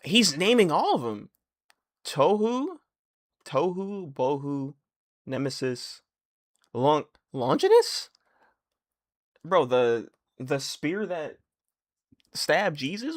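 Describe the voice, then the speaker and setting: A young man on a live stream reacting as he reads. He swings from low muttering to loud, surprised outbursts and often repeats phrases. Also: sing-song, takes it slowly, pauses often.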